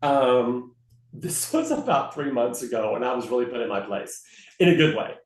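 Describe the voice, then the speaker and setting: Man, flight attendant guest, lively storyteller with a swooping voice, echoey room. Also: mid-range voice, normal speed. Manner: animated storyteller who mimics passengers. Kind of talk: conversational storytelling interview.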